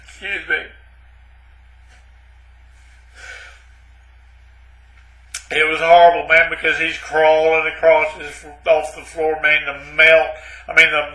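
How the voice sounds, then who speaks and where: A man's voice: fairly high pitch, pushed and bright, roomy sound, heavily acted, rough recording. A man playing a rambling, self-pitying ex-Navy man who stammers and keeps saying "man" in a comic monologue. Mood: agitated. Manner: rambling, repeats "man" and "but anyway", stammers.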